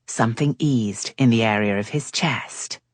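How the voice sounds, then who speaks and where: A woman narrating a romance audiobook with wry, expressive storytelling. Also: very deep voice, a little slow, dry recording, clean studio sound.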